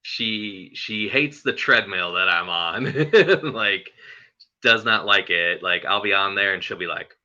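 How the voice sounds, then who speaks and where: A man hosting a relaxed interview, rambling through his stories and often breaking into laughter. His voice is very bright and a little low-pitched. The audio is muffled and lo-fi. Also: takes it slowly. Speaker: host. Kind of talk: casual chat.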